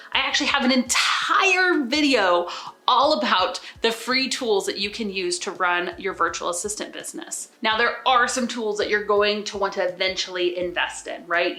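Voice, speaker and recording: A woman's voice: medium pitch, sharp tone, reverberant. A woman hosting her own channel, giving enthusiastic and direct business advice straight to the camera. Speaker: channel host, business coach. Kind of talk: upbeat to-camera advice video.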